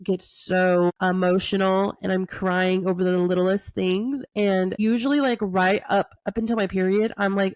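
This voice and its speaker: A woman's voice: mid-range voice, measured pace, few pauses, no room sound. Girl chatting on a podcast, swears a lot, says like constantly, dry close mic. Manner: animated, swears freely, many fillers. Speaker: podcast co-host. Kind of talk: casual chat.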